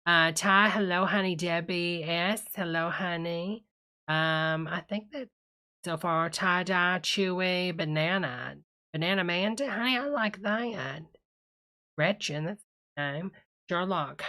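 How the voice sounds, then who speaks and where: Woman playing a church lady, tipsy, gushing, calls everyone honey, lowish voice, bright and forceful tone, live stream host. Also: takes it slowly. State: tipsy from a cocktail. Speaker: livestream host reading chat. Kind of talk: live reaction stream chatter.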